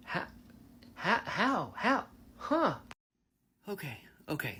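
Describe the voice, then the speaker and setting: Man, book reaction vlog, lively swooping pitch, excitable, gushing, gasps and mock voices. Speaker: book reviewer.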